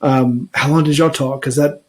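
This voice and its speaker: A man's voice: mid-range voice, steady tone, normal speed. A man co-hosting a podcast in casual chat. He listens closely and asks easygoing follow-up questions. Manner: attentive listener, frequent "mm-hmm" backchannels. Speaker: podcast co-host.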